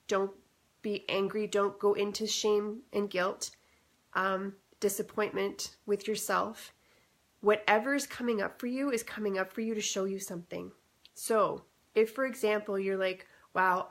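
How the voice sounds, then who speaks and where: A woman of medium pitch talks casually as a spiritual coach on a live stream. She is chatty and reflective, with many fillers. She speaks into a phone or webcam at home.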